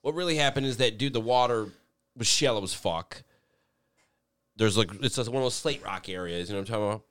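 A man's voice: fast, fairly bright tone, clear, resonant tone. A man telling rowdy stories in casual chat, swearing a lot, laughing and squealing out other people's lines. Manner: profane, laughing storyteller; acts out voices with high squeals.

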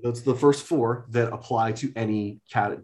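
A man, a guest, explaining things step by step in a casual talk, often pausing with "um". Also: mid-range voice, steady tone, a little mellow. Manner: explains methodically, with many hesitations and "um"s. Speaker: guest, card deck inventor.

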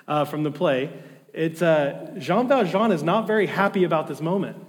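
A man's voice: on the high side, a little mellow. A man preaching a sermon as a pastor, telling a story in a casual, enthusiastic way. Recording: long hall reverb.

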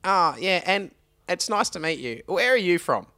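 A man's voice: high-pitched, very animated, normal speed, sharp tone, no room sound, studio quality, pitched above the performer's own voice, heavily acted. A man voicing a chirpy, clueless middle-aged male sales trainer in a comical, over-eager voice. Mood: gushing. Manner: gushing, over-eager small talk.

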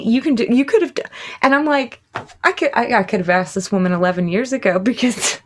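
A woman in her thirties, a musician guest in a casual interview, talking excitedly and laughing often. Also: fairly high pitch, brisk.

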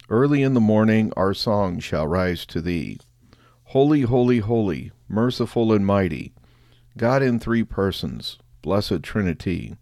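A man leading chanted liturgical prayers, with a measured cadence that drops at the end of each phrase. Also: lowish voice, a little mellow, no room sound, studio quality. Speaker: prayer leader.

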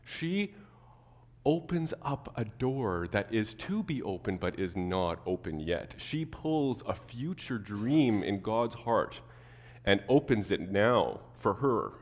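A man preaching a sermon to his church, animated, acting out the people he quotes. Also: fairly low pitch, slow pace, big-room sound. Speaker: pastor.

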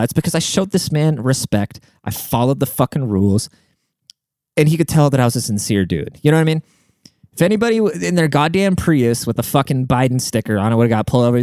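A young man from Washington State rambles through a story in a loose, conversational monologue, peppered with swearing. His voice is mid-pitched, smooth and clear. It is recorded dry and close, with no room sound. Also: animated, brisk, darkish tone, no room sound. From Washington State, USA.

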